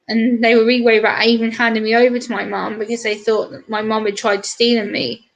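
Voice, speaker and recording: A woman's voice: on the high side, level tone, fast, vocal fry, few pauses. A woman co-hosting a livestream, telling family anecdotes and greeting viewers by name. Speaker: livestream co-host. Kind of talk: casual chat.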